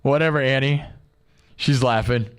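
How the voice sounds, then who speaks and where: A man hosting a live stream, rambling excitably in casual chat and saying "dude" constantly. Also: mid-range voice, normal speed, clear, resonant tone. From United States. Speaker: live-streaming musician and host. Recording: long reverb.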